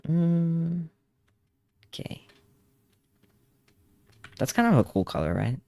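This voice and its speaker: Streaming while drawing, this young man chats casually, rambling, laughing, and humming along to songs. His slightly high voice is very animated yet slow, gravelly and dark in tone, with no echo.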